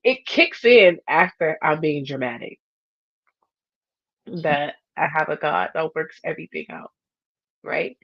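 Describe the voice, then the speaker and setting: Woman podcast host, chatty and animated, kinda low voice, dry dull sound. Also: unhurried, vocal fry, pauses often, dry recording. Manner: animated, acts out her inner voices. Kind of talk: casual faith talk.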